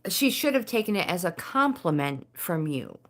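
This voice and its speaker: An older woman hosting a casual live stream, reading oracle cards to viewers and often pausing to search for words. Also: fairly low pitch, very animated, a bit bright. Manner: hesitant, searching for words, many fillers.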